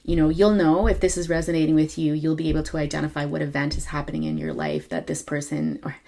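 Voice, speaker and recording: A woman with a low voice gives a casual tarot reading to camera. She talks in a halting way, with many ums and quick self-corrections. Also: animated, vocal fry, dark tone. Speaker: tarot reader.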